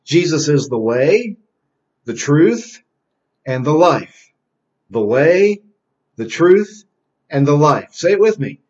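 A man teaches a children's Bible lesson in a fairly high, darkish voice marked by big pitch swings. He quizzes the kids, answers his own questions slowly, and runs repetitive call-and-response drills on key phrases; the lo-fi recording is dull.

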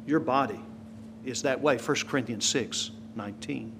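A man preaching a sermon, swinging from quiet, slow asides to loud, emphatic lines. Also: medium pitch, gravelly, slight background noise.

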